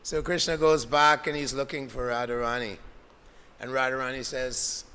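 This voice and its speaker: Guy giving a temple lecture, smooth resonant voice, long hall echo. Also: medium pitch, level tone, normal speed, pushed and bright. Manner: narrates scripture stories with quoted dialogue and Sanskrit terms. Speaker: lecturer at a devotional gathering. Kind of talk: devotional storytelling lecture.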